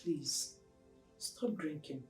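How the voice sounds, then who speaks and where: Concerned friend, low voice, echoey and far away. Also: female voice, lively intonation, very slow, darkish tone, heavily acted. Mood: earnest. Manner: earnest, urgent. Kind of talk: Nollywood screen acting. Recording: echoey room from far off with music.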